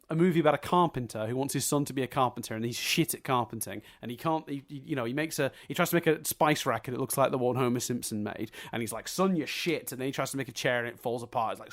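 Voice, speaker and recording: A man co-hosting a podcast, ranting about a film with swearing and mocking quoted lines. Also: medium pitch. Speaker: podcast co-host. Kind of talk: casual film review chat.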